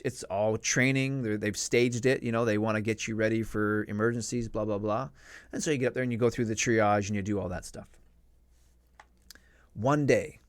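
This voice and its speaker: A middle-aged man from Canada telling a story casually on a live stream, acting out shouted quotes in a raised voice. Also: mid-range voice, dry recording, clean studio sound.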